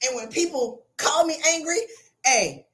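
Woman, high voice, very lively, blunt motivational talk. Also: unhurried. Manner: emphatic, blunt, repeats herself. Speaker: motivational speaker.

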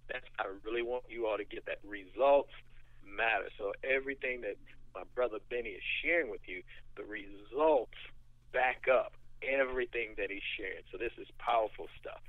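A man's voice: lowish voice, normal speed, no echo. A male host giving emphatic, affirming remarks to his guest and steering the interview forward, heard over a tinny line. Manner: emphatic, affirming, builds up energy. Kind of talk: interview hosting. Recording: tinny phone-line sound.

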